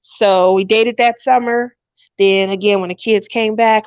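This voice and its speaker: A woman in her thirties chatting casually, telling an animated story and acting out quotes in a higher voice, on a dull lo-fi live stream. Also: a little slow, smooth, no room sound. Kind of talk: casual chat.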